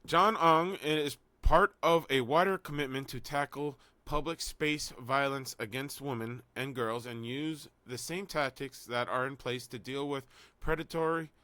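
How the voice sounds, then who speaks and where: A man's voice: medium pitch, measured pace, bright, forceful tone, smooth, no echo. Sarcastic man co-hosting a talk show. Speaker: podcast co-host. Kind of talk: news reading and casual commentary.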